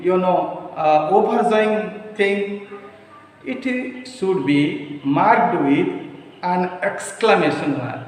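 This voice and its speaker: A man with an Indian English accent teaching a grammar lesson, stressing words one at a time. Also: high-pitched. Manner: slow, emphatic, spells out words one at a time. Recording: echoey room, voice far from the mic.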